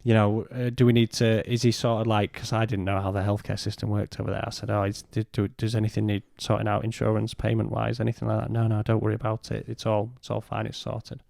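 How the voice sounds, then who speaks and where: A man, a podcast guest, telling a personal story in a halting way and retelling what was said in his own words. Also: on the low side, monotone, vocal fry, a little mellow, no room sound, clean studio sound.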